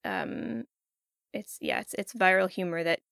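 A woman's voice: medium pitch, measured pace, gravelly, a bit bright, clear, resonant tone, no room sound, clean studio sound. Giggly hesitant woman podcast co-host. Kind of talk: casual chat.

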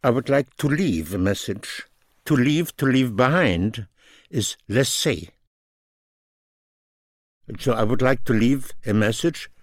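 A man gives a language lesson at an unhurried, deliberate pace, repeating each phrase in both languages. His voice sits at an ordinary middle pitch, and the recording is dry and close, with no room sound. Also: expressive, dry recording. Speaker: French language teacher.

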